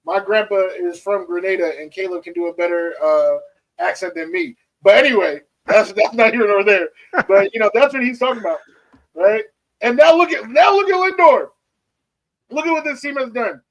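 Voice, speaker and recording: A man co-hosting a casual sports talk show, speaking in an animated, emphatic way as a baseball fan. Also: high voice, normal speed, vocal fry, poor audio. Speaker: co-host, Mets fan.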